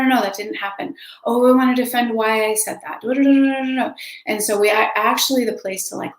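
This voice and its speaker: A woman's voice: on the high side, roomy sound, rough recording. A woman giving a spoken lesson, earnest and emphatic, repeating key words and acting out sample conversations. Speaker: teacher. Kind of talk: spoken teaching talk.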